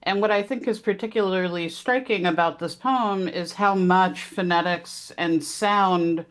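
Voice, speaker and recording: A woman's voice: on the low side, measured pace. A woman taking part in a live poetry seminar, articulate and earnest. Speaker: seminar participant. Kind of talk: discussion with a read-aloud quotation.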